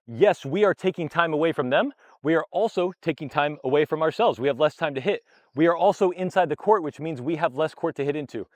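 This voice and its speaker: A man's voice: fairly high pitch, no room sound. A man coaching tennis, explaining technique and drills in a direct, upbeat way, step by step. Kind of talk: instructional coaching talk.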